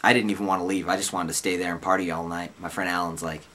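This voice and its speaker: A man's voice: deep voice, flat delivery, fast talker, bright, forceful tone. A man in his twenties casually telling a rambling personal story, loose and slangy with lots of "like" and "dude".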